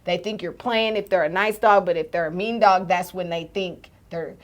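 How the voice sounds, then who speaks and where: A woman in her thirties, a podcast co-host telling a story in casual chat and acting out its shouts and gasps. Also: on the low side, fairly even intonation, moderate pace.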